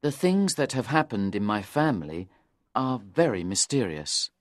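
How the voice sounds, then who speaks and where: Storybook casting: male voice for a nervous, earnest young man in his twenties, lively intonation. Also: lowish voice, moderate pace, dry recording, studio quality. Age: 20s. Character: nervous, pale young man seeking help. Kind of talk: storybook dialogue for English learners.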